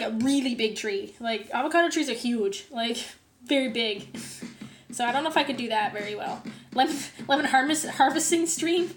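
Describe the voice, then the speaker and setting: A woman from Canada chatting casually to her viewers on a home live stream, rambling with fillers and the odd swear word. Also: sits high. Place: home, indoors.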